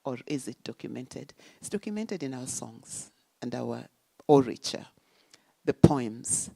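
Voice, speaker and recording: A woman speaking at a symposium, giving a deliberate academic talk with emphatic points and rhetorical questions. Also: extremely low pitch, expressive, vocal fry, dark tone, slightly rough, no echo. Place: conference venue.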